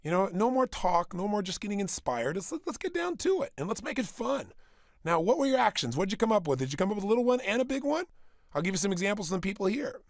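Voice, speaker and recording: Gravelly high-voiced emphatic man. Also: sing-song, dry recording, clean studio sound. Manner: emphatic, repeats phrases for effect; rapid-fire rhetorical questions. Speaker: motivational speaker. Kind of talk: motivational workshop talk. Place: studio with a small audience.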